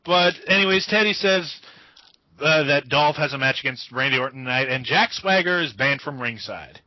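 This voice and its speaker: A man co-hosting a podcast in casual chat, griping with animated exasperation. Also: fairly high pitch, normal speed, no echo. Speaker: podcast co-host. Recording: dull, dry lo-fi audio.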